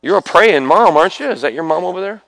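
Male preacher, gravelly, animated pitch; leads fervent altar prayers, calls families forward, loud bursts. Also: quick pace. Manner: calls people forward, prays over them with sudden loud bursts. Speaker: preacher leading prayer ministry.

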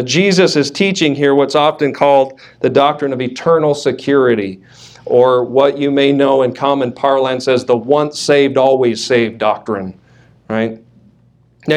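A man preaching a sermon as pastor, emphatic, leaning on repeated words, with light joking asides. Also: mid-range voice.

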